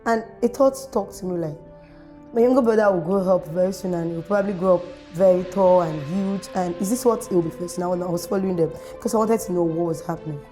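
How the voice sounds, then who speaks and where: Young Nigerian woman, activist guest; warm, lively storyteller who acts out quotes, over soft music. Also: fairly low pitch, fast. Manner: animated, acts out quoted voices. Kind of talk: interview storytelling.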